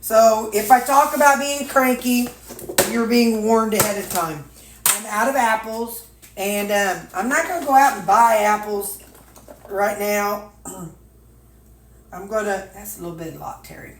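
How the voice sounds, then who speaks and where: An older Missouri woman, a weight-loss vlogger, chats casually and folksily to viewers while packing meals in her home kitchen, talking to herself with drawling asides. Her voice is a little high and unhurried, with slight hiss or hum amid an echoey kitchen of clattering dishes.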